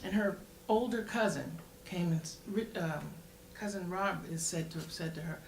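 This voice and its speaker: A woman's voice: fairly low pitch, moderate pace, gravelly, slight background noise. A woman on a symposium panel telling a family story thoughtfully, with hesitations. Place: symposium panel in a large room. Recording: roomy room sound.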